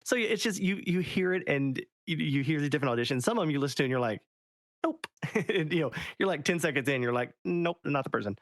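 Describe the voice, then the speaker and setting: A man's voice: a little high, animated, quick pace, no room sound. Chatty man with a dry close sound. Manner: chatty, many restarts and fillers, laughs often. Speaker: author. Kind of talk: casual interview talk.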